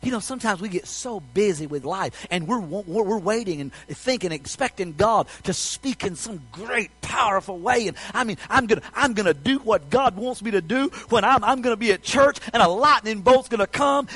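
A man preaching a sermon in a folksy storytelling way, swinging between loud passages and hushed ones. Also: sits high, animated, moderate pace, few pauses, husky, rough recording.

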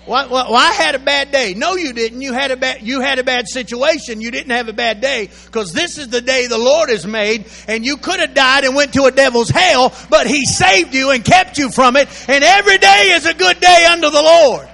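An older man, preaching a sermon that swings from quiet storytelling to loud, shouted exhortation. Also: very high-pitched, normal speed, creaky, hardly any pauses. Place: church sanctuary. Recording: echoey hall with faint mains hum.

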